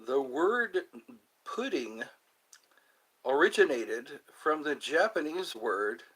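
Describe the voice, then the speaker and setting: A man's voice: on the high side, big pitch swings, slow pace, a bit bright, slightly rough, poor audio. A man live-streaming in a casual chat, reading viewer comments aloud and rambling playfully with frequent giggles.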